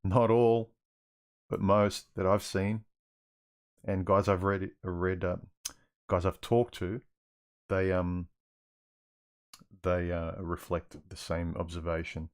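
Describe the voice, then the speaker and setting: An Australian man hosts a livestream Q&A, reading viewer questions from chat aloud and answering in a rambling, casual way that often restarts. His low voice keeps a level tone, moving slowly with frequent pauses.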